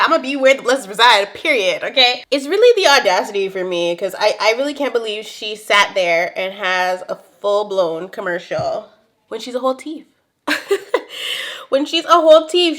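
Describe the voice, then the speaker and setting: A young woman recapping a TV episode in casual chat, animated and quick to laugh, with dramatic exclamations. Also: mid-range voice. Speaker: TV show recap host.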